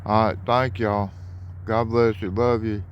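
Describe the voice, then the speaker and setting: A man, talking casually in a flat, monotone way while filming trains outdoors on a phone. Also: lowish voice, a little slow, lo-fi sound, a little hiss or hum. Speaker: railfan vlogger. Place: outdoors by railroad tracks at dusk.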